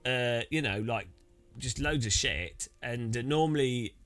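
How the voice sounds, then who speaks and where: A man's voice: medium pitch, unhurried, a bit bright, soft background music. A British man chatting casually while setting up racing gear, rambling with many restarts. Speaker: sim racing streamer.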